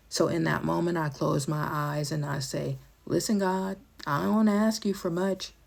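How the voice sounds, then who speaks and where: A woman's voice: deep voice, vocal fry, breathy edge. A woman, a mother, giving an emotional personal testimony, emphatic and at times tearful, calling listeners "baby" and "girl". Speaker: mother telling her testimony.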